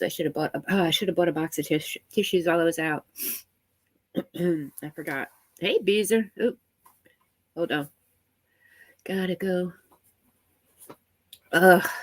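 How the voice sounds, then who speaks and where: A woman's voice: lowish voice, a bit bright, no room sound, poor audio. A woman chatting casually on a live stream from home, congested from a head cold, rambling and laughing often as she greets viewers by name. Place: small room at home.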